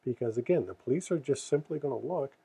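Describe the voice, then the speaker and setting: A man's voice: mid-range voice, animated, quick pace, vocal fry, dark tone, breathy edge, rough recording. A man explaining trucking safety rules in a casual, earnest way, stressing key words and correcting his own slips.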